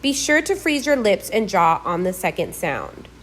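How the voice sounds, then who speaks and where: A woman reading a scripted pronunciation lesson, slowly and deliberately modelling each sound for learners. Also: medium pitch, very animated, a bit bright, slight background noise. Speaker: language teacher.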